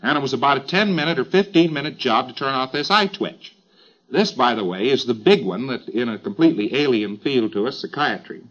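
A man's voice: mid-range voice, lively intonation, fairly quick, a bit bright, lo-fi sound. A man giving an informal lecture in a wry, chatty way, with emphatic asides.

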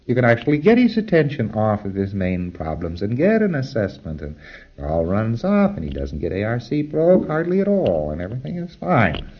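Deep-voiced man lecturing on old tape. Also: huge pitch swings, fairly quick, highs cut off. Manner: rambling, conversational, chuckles at his own asides. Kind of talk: informal spoken lecture.

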